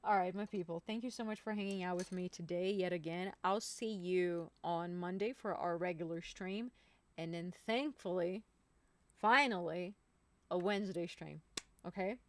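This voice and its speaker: A woman's voice: lowish voice, normal speed. A woman singer hosting a live stream, chatting casually and rambling to her viewers.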